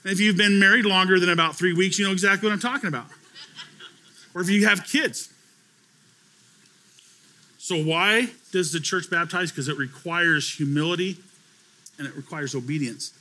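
Bright-voiced male pastor preaching. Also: high voice, normal speed, long pauses. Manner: conversational preaching with acted-out dialogue. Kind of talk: sermon.

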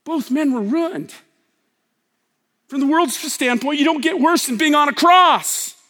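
High, bright-voiced impassioned male preacher. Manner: impassioned preaching, swinging between loud emphasis and hushed, slow lines. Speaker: pastor. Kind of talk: sermon. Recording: long hall reverb.

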